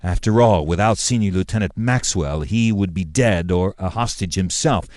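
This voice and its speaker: A man voicing a formal, indignant male governor who speaks in a measured way with pointed emphasis. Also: low voice, darkish tone, dry recording, studio quality, natural voice.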